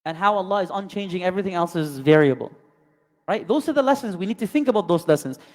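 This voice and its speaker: An Islamic teacher tells stories in his religious lesson, asking many rhetorical questions and mixing in Arabic terms. He talks fast in a high, expressive voice, and a long hall reverb surrounds the recording.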